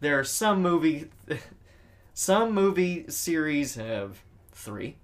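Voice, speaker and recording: A man co-hosting a podcast in casual chat, halting often, restarting sentences and swearing offhandedly. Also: on the high side, big pitch swings. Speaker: podcast co-host.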